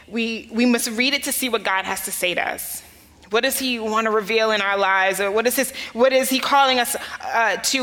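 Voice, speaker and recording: A sharp-toned, fairly high female voice belongs to an American pastor delivering a sermon. She earnestly shares a personal story, emphasis rising on key phrases, and the recording has a long hall reverb.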